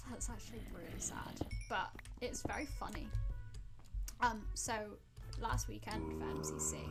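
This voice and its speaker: A woman live-streaming a game, chatting playfully with her viewers and teasing them in mock outrage. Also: a little high. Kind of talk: live-streamed gameplay chat, talking to viewers. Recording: background music playing under the voice.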